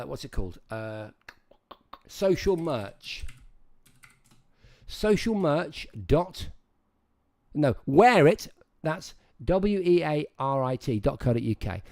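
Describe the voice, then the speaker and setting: A man's voice: mid-range voice, creaky, a little mellow. A man hosting a livestream, chatting casually and rambling as he talks straight to his viewers. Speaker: livestream host.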